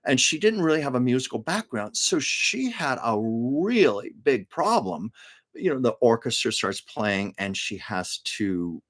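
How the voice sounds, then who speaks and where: A man telling show-business stories on his home livestream, chatty and anecdotal, with frequent laughs. His voice sits at a middling pitch for a man, and he breaks off now and then to read comments from the chat aloud. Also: big pitch swings, a little slow, a bit bright. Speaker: livestream host. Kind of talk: casual storytelling to a live chat.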